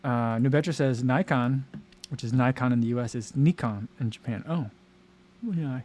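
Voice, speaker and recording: A man's voice: mid-range voice, normal speed, darkish tone. A man hosting a casual livestream and talking to his chat, rambling with many fillers and restarts. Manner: chatty and rambling, many fillers and self-interruptions. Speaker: livestream host reading chat.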